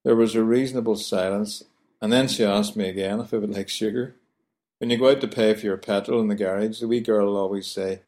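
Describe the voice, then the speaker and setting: A man's voice: fairly low pitch, fairly even intonation, brisk, a little mellow. A man with a Belfast accent, presenting a wry, chatty explainer on how locals talk. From Northern Ireland. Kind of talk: scripted explainer on local speech.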